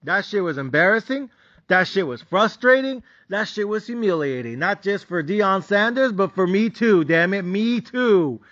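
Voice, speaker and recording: A man's voice: high-pitched, lively intonation, normal speed, fairly bright tone, muffled recording. A man with a Mexican accent ranting profanely as host of a sports betting recap.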